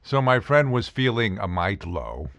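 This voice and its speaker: A man's voice: fairly low pitch, unhurried, creaky, dry recording. A man telling a funny personal story in casual talk, acting out the voices of the people in it. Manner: animated, acts out voices of people in his stories. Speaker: podcast host telling stories.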